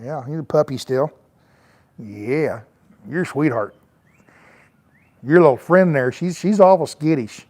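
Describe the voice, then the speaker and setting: A man's voice: on the high side, measured pace, pauses often, warm tone. A middle-aged man, chatting loosely on his porch with lots of fillers and restarts. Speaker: travel vlogger. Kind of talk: rambling casual chat. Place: on a porch, outdoors.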